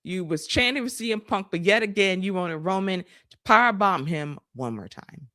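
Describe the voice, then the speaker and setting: A woman co-hosting a podcast, recapping wrestling with animated, sarcastic, profane commentary. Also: medium pitch, moderate pace, dry recording, studio quality. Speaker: podcast co-host.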